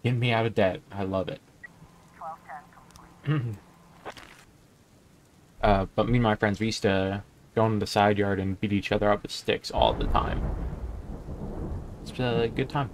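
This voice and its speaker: A young man casually commenting on a game he plays, reading its text aloud in a low-key way. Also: fairly even intonation, unhurried, long pauses, slight background noise. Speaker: gaming YouTuber. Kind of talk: let's play commentary.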